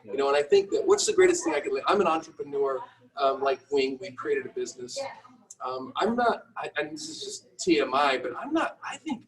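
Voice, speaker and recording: A middle-aged man, a business owner, telling a candid, self-deprecating story with many halting restarts. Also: a little high, wildly swooping pitch, distant mic, crowd noise, poor audio. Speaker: guest entrepreneur.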